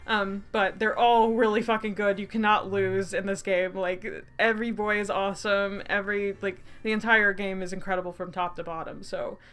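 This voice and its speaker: A woman's voice: mid-range voice, level tone, normal speed, few pauses, a bit bright, smooth. Chatty woman streamer, giggly. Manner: chatty, laughs often, reads game text aloud. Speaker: streamer, game developer. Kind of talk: casual let's-play narration.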